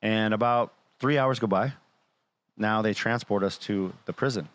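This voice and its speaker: A man, likely a show guest or panelist, tells a long personal story in casual conversation, animatedly acting out what others said to him in dialogue. He has a fairly low voice, a moderate pace, and no echo.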